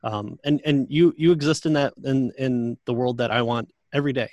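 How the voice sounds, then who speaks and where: Male speaker at mid pitch, halting and thoughtful, dry close sound. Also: a little mellow, dry recording, lo-fi sound. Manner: halting, thoughtful, with frequent restarts. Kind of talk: casual conversation.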